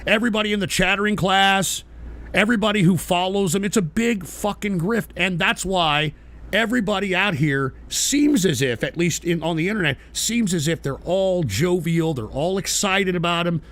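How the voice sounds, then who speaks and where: A man's voice: sits high, moderate pace, fairly bright tone. A man hosting a live political stream, talking in a heated, profane rant aimed at his chat viewers.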